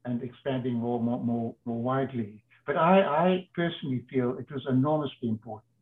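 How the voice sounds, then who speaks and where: A man from South Africa speaks at an ordinary middle pitch, telling his story in a measured way and often dropping into quiet asides. His voice comes through a thin, phone-like call line with a narrow, tinny sound. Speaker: interview guest. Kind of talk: reflective storytelling.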